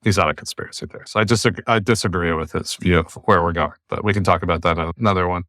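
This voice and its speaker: A man's voice: deep voice, fairly even intonation, fast talker, a bit bright, no room sound, clean studio sound. An American man hosting a podcast, speaking bluntly and emphatically in long runs of argument over a remote call. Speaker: podcast host. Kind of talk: opinionated casual podcast talk.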